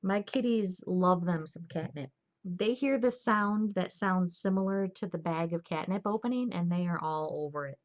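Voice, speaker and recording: Low-voiced young woman, chatty streamer. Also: normal speed. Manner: chatty, laughing, loose storytelling. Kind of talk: casual chat. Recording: dull lo-fi stream audio.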